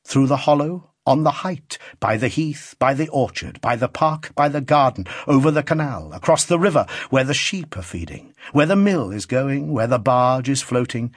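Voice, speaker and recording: A man's voice: medium pitch, expressive, moderate pace, few pauses, husky, no room sound, clean studio sound. A man reading a classic novel aloud as an audiobook, in a rhythmic, dramatic, building style. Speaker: audiobook narrator. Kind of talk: scripted narration.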